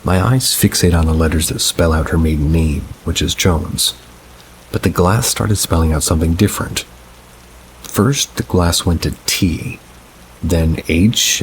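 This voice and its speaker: A man reading first-person paranormal stories aloud in a measured, unhurried storytelling manner. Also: low voice, a little hiss or hum, poor audio. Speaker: narrator.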